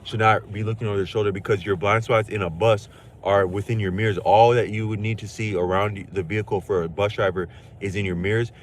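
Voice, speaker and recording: Speaking briskly and in a steady tone, a man with a fairly low voice chats casually with his livestream audience. His slangy talk wanders, looping back and starting over. Faint background hiss runs beneath him.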